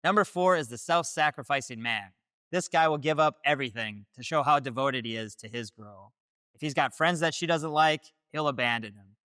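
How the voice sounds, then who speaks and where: A man's voice: medium pitch, moderate pace, bright, forceful tone, clear, resonant tone, no echo, clean studio sound. A man hosting, delivering scripted dating-advice commentary in a direct, declarative way. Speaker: host.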